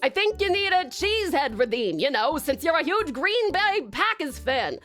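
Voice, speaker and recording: A woman's voice: sits high, very animated, moderate pace, few pauses, a bit bright, soft background music. A woman from Tasmania, Australia, streaming live in casual chat, rambling and giggling as she greets viewers.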